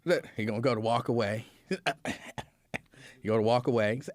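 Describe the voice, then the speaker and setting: A man hosting a casual livestream show, telling a story in an animated way, laughing often and acting out scenes. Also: medium pitch, a little fast, no echo. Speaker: show host.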